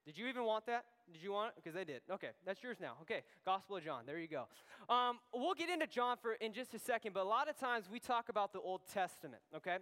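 A man talking to a youth group as its pastor, telling a camp story in an animated way, with lots of restarts. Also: high voice, quick pace. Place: church hall. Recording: long hall reverb.

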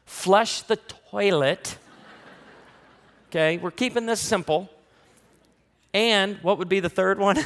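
A man preaching a sermon, telling humorous family stories in an animated way and bursting into loud acted quotes. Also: a little high, moderate pace, long pauses, long reverb tail. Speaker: pastor.

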